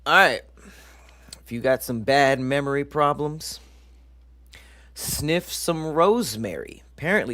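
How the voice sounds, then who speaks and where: A man's voice: mid-range voice, animated, a little slow, fairly bright tone, no room sound. A man hosting a casual live stream, joking with chat and stumbling over long science words as he reads them aloud. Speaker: livestream show host.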